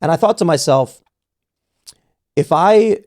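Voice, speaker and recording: Man telling an animated anecdote. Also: on the high side, a little slow. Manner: animated storyteller acting out quoted exchanges, frequent restarts. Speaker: podcast host. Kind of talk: casual conversation, storytelling.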